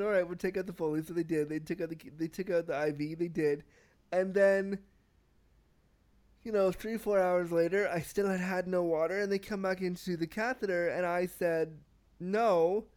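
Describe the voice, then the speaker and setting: A man as a podcast guest, telling a story in casual conversation, animated and often repeating and restarting words. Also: sits high. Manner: animated, acts out quoted exchanges.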